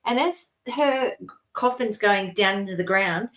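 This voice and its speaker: A woman's voice: medium pitch, lively intonation, unhurried, fairly bright tone. A middle-aged Australian woman co-hosting a casual podcast, telling personal stories in a rambling way with frequent laughs. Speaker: co-host.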